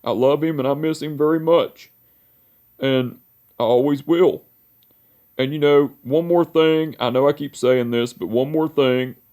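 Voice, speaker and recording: A man in his twenties, voice on the high side, mellow, fairly even in intonation and a little slow, recounts a heartfelt story in a personal memorial vlog. The telling is emotional and rambling, peppered with "you know" and "I said."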